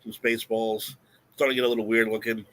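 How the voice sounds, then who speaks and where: A man's voice: fairly low pitch, level tone, quick pace. A man co-hosting a casual podcast, giving blunt, laid-back opinions on a movie. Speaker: podcast co-host. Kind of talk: casual chat.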